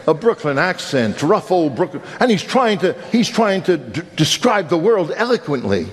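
A man's voice: fairly high pitch, big-room sound. A man preaching a sermon, telling a joke with acted voices and then reading scripture, repeating words as he builds. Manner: animated storyteller, repeats words, quotes scripture.

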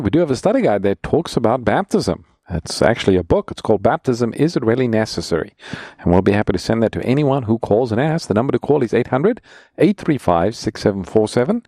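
A male co-host pastor on a call-in radio show, moving briskly between callers and announcements. His voice is gravelly and dark, with lively pitch swings, and it is heard dry and close to the mic. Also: no room sound. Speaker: co-host pastor taking calls.

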